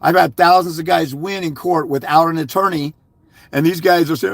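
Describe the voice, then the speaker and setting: A man's voice: fairly high pitch, steady tone, normal speed, gravelly, no room sound. A man ranting angrily to camera, hurling insults at his critics in a preachy, combative way. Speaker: YouTuber giving fathers' rights advice. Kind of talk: angry vlog rant.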